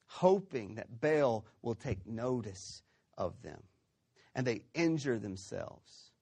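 A man preaching a sermon in a fairly high voice. He tells the story with animated, acted-out quotes and keeps checking in with his listeners. His delivery swings between soft, hushed stretches and punchy, raised bursts. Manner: animated storytelling, acts out quotes, frequent "okay?". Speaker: pastor.

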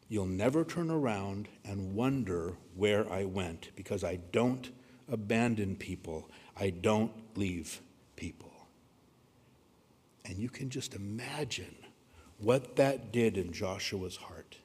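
A man preaching a sermon, earnest, dropping to a hushed voice when he quotes scripture. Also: on the low side, measured pace, slightly rough. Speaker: pastor. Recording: reverberant hall.

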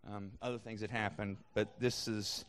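A man's voice: on the low side, little pitch movement, normal speed, a bit bright, clean tone, in a large hall. A man preaching a sermon as a pastor, conversational, with frequent restarts and fillers.

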